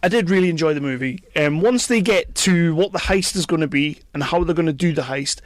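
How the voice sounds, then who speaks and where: A man's voice: on the high side, brisk, no echo, clean studio sound. A man hosting a podcast, giving opinionated casual film reviews and often repeating words as he starts a sentence. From Britain. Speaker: podcast host.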